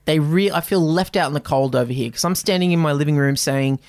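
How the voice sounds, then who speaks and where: A man's voice: a little high, fast, darkish tone, no echo, studio quality. An Australian man from Newcastle co-hosting a comedy podcast, self-mocking and jokey, laughing often. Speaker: podcast co-host. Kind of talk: casual comedy chat.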